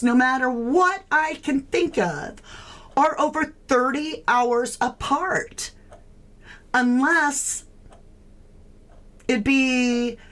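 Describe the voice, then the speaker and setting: A woman hosting a true crime livestream, puzzling aloud in casual chat and greeting viewers by name. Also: high voice.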